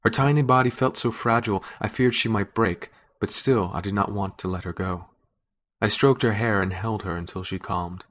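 A man narrating a fantasy story in a measured, wry storytelling manner. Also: fairly low pitch, a bit bright. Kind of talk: scripted narration.

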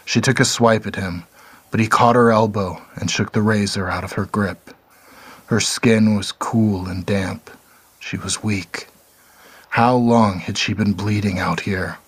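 A man narrating a dark story in a measured, somber reading. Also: lowish voice, steady tone, slightly rough.

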